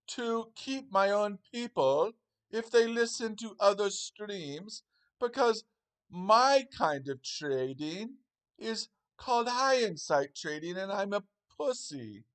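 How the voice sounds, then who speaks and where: A man putting on a booming pompous Englishman. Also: animated, takes it slowly, clean tone, full character voice. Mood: bellowing mockery. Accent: put-on English. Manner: bellowing, loud and theatrical.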